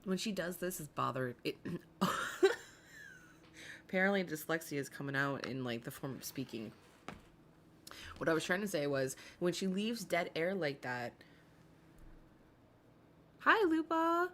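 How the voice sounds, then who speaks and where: A woman with a low-set voice hosts a casual live commentary stream. She talks in a loose, chatty way and swears freely. She keeps greeting viewers in the chat by name between her remarks. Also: sing-song, a little slow, pauses often, fairly bright tone, slight background noise.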